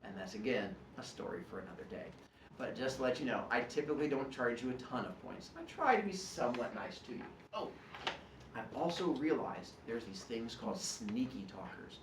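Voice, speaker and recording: Animated, jokey male teacher. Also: medium pitch, brisk, reverberant, background noise. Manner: animated, jokey, acts out students. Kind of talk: classroom rules explanation.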